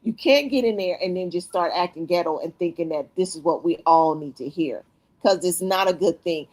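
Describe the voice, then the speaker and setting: A woman's voice: fairly low pitch, normal speed, darkish tone. A woman chatting as a guest on a live stream, telling stories and acting out her own reactions in quoted asides. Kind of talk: animated casual chat.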